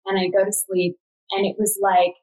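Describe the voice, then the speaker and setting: Woman, thirties, podcast guest, casual storytelling, animated, lots of fillers, mid-pitched. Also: normal speed, rough recording. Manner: animated, filler-heavy retelling with frequent "like".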